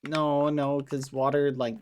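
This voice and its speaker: A man's voice: on the high side, little pitch movement, slow pace, darkish tone, slight background noise. A man streaming a game, chatting casually in role-play, hesitant and stumbling over repeated words.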